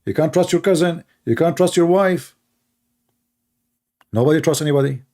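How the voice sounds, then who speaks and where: A man with a gravelly, dark voice talks in a casual monologue. He speaks emphatically and repeats himself as he tells his stories. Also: fairly high pitch, normal speed. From Middle East. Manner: emphatic, repetitive, storytelling. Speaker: online commentator.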